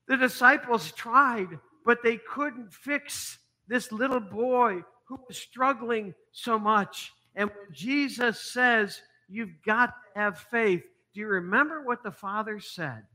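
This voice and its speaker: Slow, bright-voiced preaching man. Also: very high-pitched. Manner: storytelling preacher, swinging from soft hushed lines to emphatic ones. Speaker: pastor. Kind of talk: sermon.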